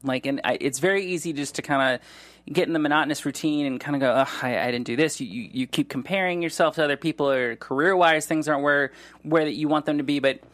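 A man hosting a podcast, talking casually with many fillers and restarts, getting animated as he tells stories. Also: fairly high pitch, fast, dry recording. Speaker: podcast host. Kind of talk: casual chat.

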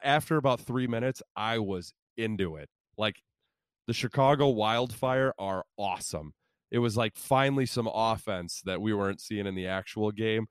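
Podcast co-host, male, resonant and a bit low, profane and self-interrupting, close dry mic. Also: clean tone, no echo. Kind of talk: casual sports chat.

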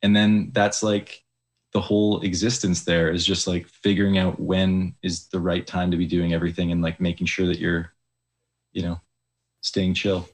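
A man's voice: deep voice, flat delivery, normal speed. A young man, an Olympic ski jumper, talking casually as an interview guest, hesitant with many likes and restarts.

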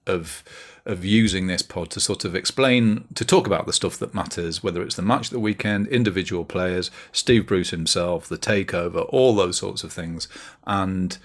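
A man with a low, deep voice hosts a casual football podcast. He talks in a rambling way, hesitating often and restarting his sentences. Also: moderate pace. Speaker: podcast host.

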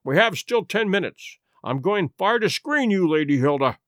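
A man reading a story aloud, voicing a calm, commanding Victorian detective who speaks in a firm, measured way. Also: high-pitched, dry recording, studio quality. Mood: urgent. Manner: firm, measured, brisk when urgent. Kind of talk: audiobook reading.

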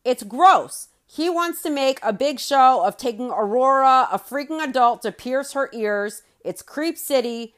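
Woman, podcast host, higher pitch, indignant recap commentary, shifting loudness and pace. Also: expressive, unhurried, hardly any pauses. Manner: opinionated and indignant, with sharp swings in loudness and pace. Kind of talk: reality show recap commentary.

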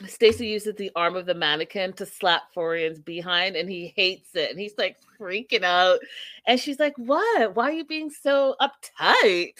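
A woman's voice: lowish voice, a bit bright, no echo. A young adult woman hosting a casual reality TV recap, chatty and opinionated, with playful asides to her viewers.

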